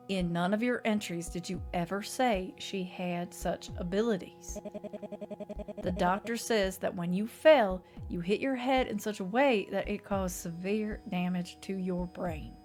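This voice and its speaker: Calm tired son, read by a woman, gently insistent, for a horror visual novel, faint music underneath. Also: lowish voice. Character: weary adult son, patient and calm.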